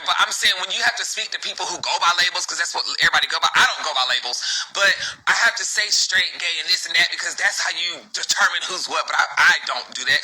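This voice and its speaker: A man with a high-pitched, very sharp and cutting voice rants on a livestream. He answers viewer comments bluntly and swears freely. He swings from loud, impassioned outbursts to low, muttered asides. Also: rough recording. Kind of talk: casual live-stream rant.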